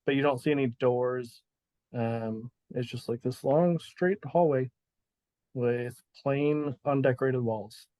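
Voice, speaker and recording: Brief: man game master, mid-pitched, dry close sound, easygoing and chatty. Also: slow, mellow, no room sound. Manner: laid-back, laughs often, many "like" fillers. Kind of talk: narrating a tabletop game.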